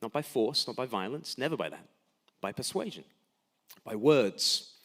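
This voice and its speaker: A man's voice: mid-range voice, animated, moderate pace, fairly bright tone. A man preaching a sermon in a church, emphatic, with rhetorical questions and repeated words at the start of his sentences.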